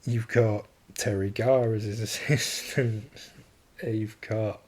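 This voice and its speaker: A man's voice: lowish voice, steady tone, slow pace, darkish tone. A man hosting a solo podcast, talking casually and enthusiastically, chuckling often and restarting his sentences. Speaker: podcast host.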